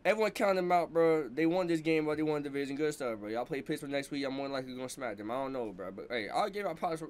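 A man's voice: on the high side, quick pace. A young man hosting a sports reaction video, ranting in heated, slangy talk and tagging lines with "bro" and "fam". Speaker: sports fan reaction host.

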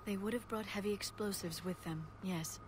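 An actress voicing a composed alien scientist woman in a video game, explaining things in a measured, serious way. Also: mid-range voice, noisy background, close to an everyday voice. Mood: grave. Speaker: squad member.

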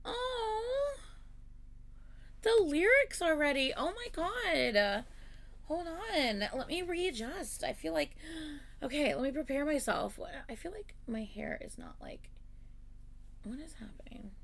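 Gushing, animated woman reacting to music videos. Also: high voice, measured pace, vocal fry. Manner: effusive, exclaiming, swings from gushing to murmuring. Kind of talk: casual reaction commentary.

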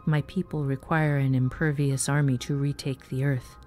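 A woman's voice: rumbling low, flat delivery, normal speed, mellow, soft background music. A woman doing a cold, formal pale man. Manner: formal, commanding.

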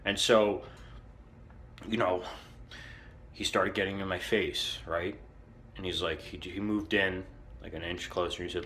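A man's voice: low voice, steady tone, unhurried, long pauses, sharp tone. A young man ranting in a rambling comic monologue, indignant and belligerent, full of fillers. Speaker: comedy character monologue.

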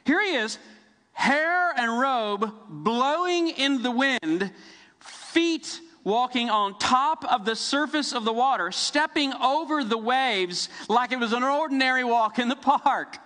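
A middle-aged man preaching a sermon, telling the story vividly with dramatic pauses. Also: very high voice, animated, bright, forceful tone, in a large hall. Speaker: pastor. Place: church sanctuary.

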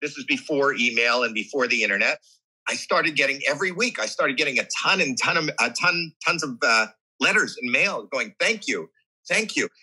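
Bright, husky-voiced man telling his story. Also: medium pitch, brisk, poor audio. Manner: animated, acts out his own and others' voices; candid and earnest. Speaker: podcast guest. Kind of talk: emotional personal storytelling in an interview.

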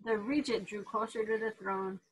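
A woman reading a children's book aloud in an expressive storytelling manner. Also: medium pitch, moderate pace, slightly rough, poor audio. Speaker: reader to therapy dogs.

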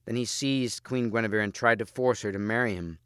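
A man reading a storybook aloud in a measured, steady way, close to the mic. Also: lowish voice, clear, resonant tone, no room sound. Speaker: audiobook reader.

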